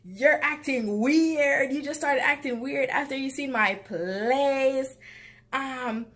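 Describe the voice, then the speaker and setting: A woman mimicking a pushy man she dated, in a pleading, defensive and nagging tone, a little higher than her own voice. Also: slow pace, fairly bright tone. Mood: whiny.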